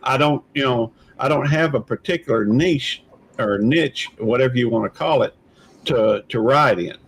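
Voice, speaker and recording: A man's voice: medium pitch, normal speed, a bit bright, husky, low-quality recording. A man hosting a casual live-stream panel chat, rambling and hesitant with many fillers and restarts. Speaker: channel host.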